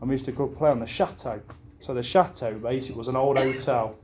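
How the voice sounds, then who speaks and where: Fast and steady in tone, with a slightly mellow, middle-pitched voice, a young best man rambles through childhood stories at a wedding. He laughs often and swears casually, and a faint hum from the reception room sits in the background.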